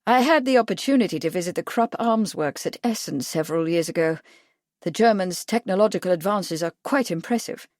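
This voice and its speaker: A woman reading the lines of a calm, thoughtful English lord. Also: lowish voice, brisk, no room sound, studio quality, natural voice.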